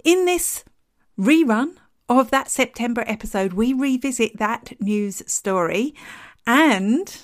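Woman, podcast host, chatty, mid pitch, lively storytelling. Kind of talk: live podcast chat.

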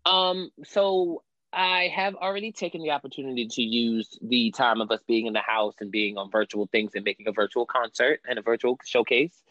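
A man speaking as a podcast guest, chatty and upbeat, quick to agree. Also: medium pitch, flat delivery, sharp tone, no room sound. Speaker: podcast guest, spotlight host. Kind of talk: casual interview chat. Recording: dull, dry remote audio.

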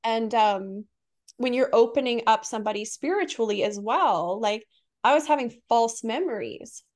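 A woman's voice: on the high side, moderate pace, a little mellow. A woman, a psychic medium guest on a podcast, speaking candidly and wryly in casual conversation, with frequent fillers.

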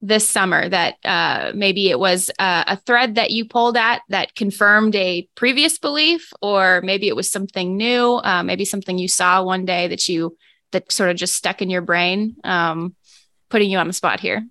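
A woman's voice: mid-range voice, moderate pace, sharp tone, no room sound. A woman hosting a casual sports talk show, chatty and playful, often laughing.

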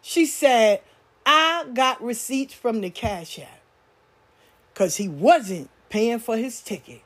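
A woman telling candid stories about her spiritual community in a blunt, profane, animated way. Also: fairly high pitch, takes it slowly. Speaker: spiritual practitioner. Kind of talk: candid storytelling monologue.

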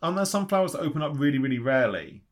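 A man's voice: fairly high pitch, very animated, very fast. A man co-hosting a casual podcast, hedging and thinking his points through aloud. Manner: musing, hedging, talks things through aloud. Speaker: podcast co-host.

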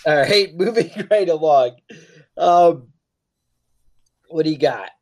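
A man's voice: fairly high pitch, lively intonation, slow. A man co-hosting a podcast, talking casually in rambling, joking asides. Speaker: podcast co-host.

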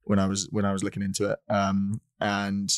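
Measured low-voiced man. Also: completely flat delivery, dry recording, studio quality. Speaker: podcast co-host. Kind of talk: casual podcast chat.

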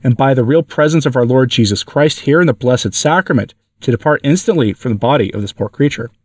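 A man's voice: mid-range voice, animated, fairly quick, no room sound, clean studio sound, recorded from a distance, natural voice. A man reading as a stern commanding exorcist priest. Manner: solemn, commanding.

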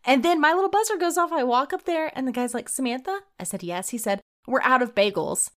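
A woman co-hosting a podcast, telling a story in an animated, laughing, breathless way. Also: sits high, quick pace. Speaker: podcast co-host. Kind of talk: casual chat, telling a story.

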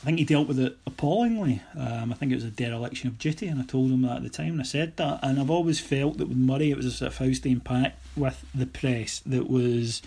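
A Scottish man telling stories on a podcast in a casual, animated way, mimicking other people and swearing now and then. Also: mid-range voice, brisk, husky. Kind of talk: casual anecdotal storytelling.

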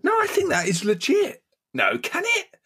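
A man co-hosting a podcast in casual chat, telling anecdotes in an animated way and laughing as he goes. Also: very high voice, normal speed.

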